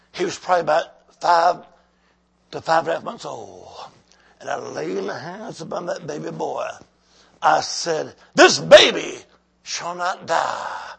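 High, gravelly, husky-voiced male preacher. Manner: exhorting, swings from shouts to whispers; calls out to the congregation. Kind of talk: revival sermon.

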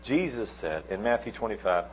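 A middle-aged man preaching a sermon, telling stories with sudden swings between loud and soft. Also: fairly low pitch, big pitch swings, moderate pace, a little hiss or hum, poor audio.

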